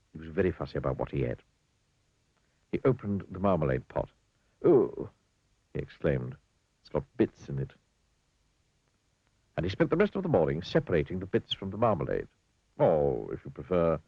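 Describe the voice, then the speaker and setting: Deep guy reading a kids' story, wry, dry muffled old recording. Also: husky, no room sound.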